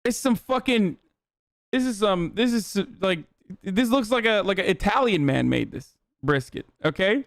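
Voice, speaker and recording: High, crisp-voiced male streamer. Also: normal speed, no room sound, studio quality. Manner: profane, animated, rambling riffs. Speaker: streamer, political commentator. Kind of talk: casual livestream reaction commentary.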